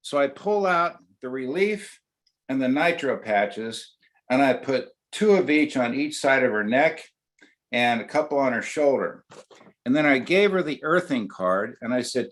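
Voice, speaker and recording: A man's voice: medium pitch, animated, a little slow, a bit bright. An older man, an oral surgeon guest on a webinar, telling a long anecdote in a chatty way. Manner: chatty anecdotal storyteller with many fillers and restarts. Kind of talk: storytelling in a webinar.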